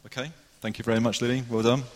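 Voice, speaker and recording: A man's voice: medium pitch, little pitch movement, fast talker. A man cheerfully hosting a live drama presentation, playfully organizing the cast. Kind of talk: casual stage hosting. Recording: echoey hall.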